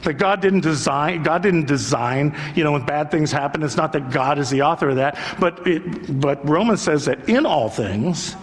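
An older male pastor delivers a sermon in an earnest, conversational way, leaning on repetition for emphasis. His voice sits high for a man. It rings out with a long reverb, as in a big hall. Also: expressive, normal speed, hardly any pauses.

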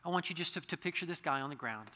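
A man's voice: on the high side, lively intonation, rapid-fire, pushed and bright. A man preaching a sermon, earnest and building to impassioned pleading, with frequent restarts. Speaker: pastor. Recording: reverberant hall.

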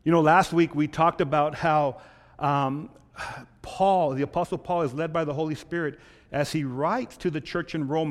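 A male pastor preaching a sermon and telling a joke in an animated storytelling manner. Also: fairly high pitch, long reverb tail. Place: church.

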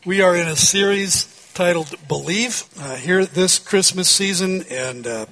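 Man with a cold, pastor, measured sermon delivery, fairly high voice, middle-aged. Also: a bit bright, low-quality recording. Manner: measured, deliberate preaching with occasional fillers. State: congested with a head cold.

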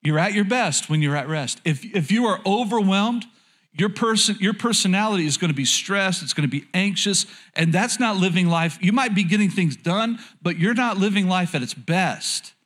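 A man's voice: high-pitched, animated, moderate pace, a bit bright. A man preaching a sermon to his congregation in a hall, in a candid, lightly joking way, repeating phrases and asking the room questions. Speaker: pastor.

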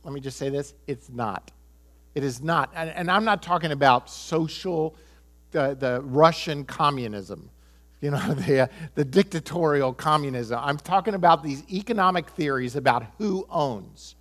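A man's voice: a little high, normal speed, fairly bright tone. A middle-aged American man preaching a sermon, emphatic and repeating key phrases. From United States. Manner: emphatic, repeats key phrases, chuckles, quotes people in voices. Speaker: pastor.

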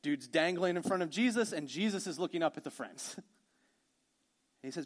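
Animated man preaching a casual sermon. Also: fairly high pitch, normal speed, pauses often. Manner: conversational, animated storytelling with frequent "like" and "okay". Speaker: pastor.

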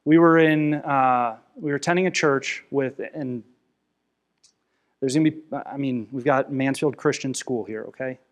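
A young adult man preaching a sermon, earnest and emotional, swinging from emphatic scripture readings to quiet personal confession. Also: mid-range voice, moderate pace. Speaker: pastor.

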